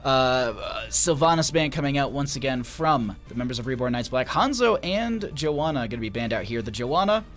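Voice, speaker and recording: A young man casting an esports match on a livestream, chatty and quick to laugh, reading his chat aloud and stumbling over player names. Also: medium pitch, animated, a bit bright, soft background music. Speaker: esports caster. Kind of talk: solo game commentary on a livestream.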